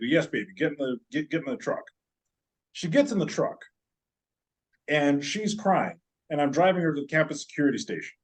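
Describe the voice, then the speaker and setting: A man's voice: on the high side, poor audio. A man with a slightly raised voice tells a long personal story on a podcast. He talks casually, swears freely and slips in jokes. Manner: animated, profane, joking. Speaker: podcast guest.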